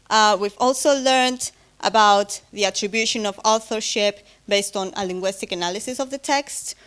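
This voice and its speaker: A woman's voice: mid-range voice, smooth. Woman presenting a lecture. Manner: hesitant, many fillers and self-corrections, light humor. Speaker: conference speaker giving closing talk. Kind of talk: academic conference presentation.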